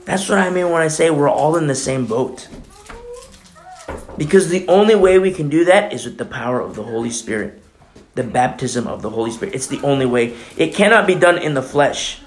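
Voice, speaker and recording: A man's voice: mid-range voice, animated, normal speed, slight background noise. A man preaching a sermon as pastor, impassioned and conversational, talking straight to the congregation with many fillers.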